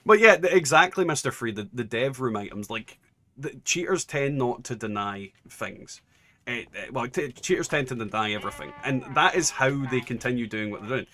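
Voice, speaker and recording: A man's voice: mid-range voice, lively intonation, moderate pace, sharp tone. A young adult man streaming a game, chatting casually and ranting with lots of swearing and restarts. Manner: ranting, profane, many restarts. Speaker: gaming streamer. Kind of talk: casual chat while gaming.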